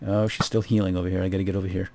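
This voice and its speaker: A man's voice: low-pitched, level tone, rapid-fire, gravelly, darkish tone, slight background noise. Chatty man giving gameplay commentary. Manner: chatty, wry, talks to viewers while playing. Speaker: gaming video host.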